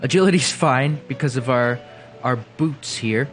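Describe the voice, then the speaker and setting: A young man hosting a gaming video, chatting casually and playfully as he plays, swinging between excited bursts and quiet mumbling. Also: mid-range voice, normal speed, faint music behind. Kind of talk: casual gameplay commentary.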